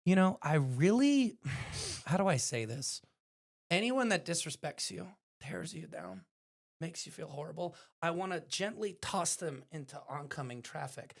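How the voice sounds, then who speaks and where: A man's voice: a little high, expressive, a little slow, vocal fry. A young man co-hosting a podcast in casual chat, playful and always doing bits. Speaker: podcast co-host.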